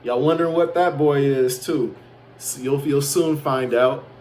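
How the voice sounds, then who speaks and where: A man's voice: mid-range voice, unhurried, darkish tone, slight background noise. A man from Chicago boasting and ranting in a rambling casual monologue, swearing freely. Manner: boastful, profane, defiant. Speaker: self-proclaimed prophet vlogger.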